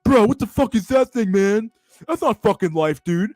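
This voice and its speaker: A man putting on an excitable, dim young bro who keeps saying dude and bro. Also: high-pitched, normal speed, dry recording, faint music behind, voice pushed up. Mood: dismissive. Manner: loud, repetitive, says dude and bro.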